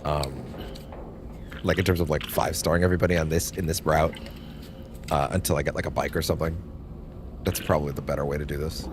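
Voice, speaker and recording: A man's voice: very deep voice, steady tone, quick pace, pauses often, background noise. A young man giving casual, rambling commentary while streaming a game, swearing offhandedly.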